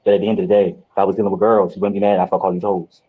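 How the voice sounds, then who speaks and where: A man on a reality show after-show, telling candid stories in casual chat, animated and profane, with big swings in his voice. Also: low-pitched, rapid-fire, breathy edge, narrow, tinny audio. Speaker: reality show cast member.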